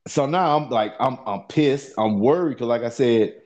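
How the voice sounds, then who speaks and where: A man tells a story in casual, profane, rambling talk and keeps circling back to "you know what I'm saying." His voice sits at an everyday middle pitch. The recording sounds a bit dull and lo-fi. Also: normal speed, a little mellow.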